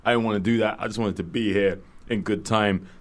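Low-voiced man, animated storyteller. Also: fairly quick. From London. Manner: lively storyteller, laughs often, voices bursts of excitement. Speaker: radio co-host. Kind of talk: casual radio banter. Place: radio studio.

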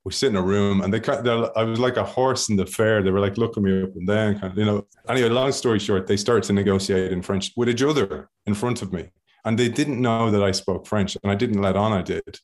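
Man, Irish accent, lowish voice, casual animated storytelling, podcast guest. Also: a little fast. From Ireland. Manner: animated storyteller, laughs often and acts out other people's voices. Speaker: podcast guest, former rugby player.

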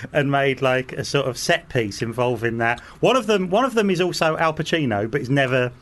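A man co-hosting a podcast, speaking in relaxed, wry casual chat with some hesitations. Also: medium pitch, moderate pace. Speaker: podcast co-host.

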